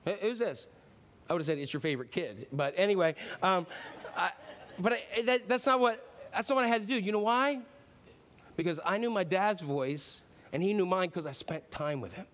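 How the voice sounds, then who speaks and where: A high-voiced middle-aged man delivers a sermon. He talks to the congregation in a conversational, personal way, then builds to emphatic, declarative peaks. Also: lively intonation, moderate pace, a bit bright, a little hiss or hum. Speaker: pastor.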